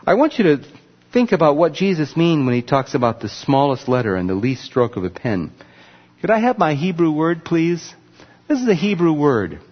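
A man preaching a sermon in a slightly high, husky voice, lifting his pitch sharply to stress key words. He teaches in an emphatic tone and points out details on a screen with a laser pointer. The recording is dull and muffled, with a long reverb from a large hall. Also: very animated, normal speed.

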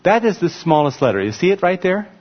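A man's voice: high-pitched, sing-song, fast talker. A man preaching a sermon, teaching in an emphatic way and pointing things out on a screen with a laser pointer. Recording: muffled recording with long hall reverb.

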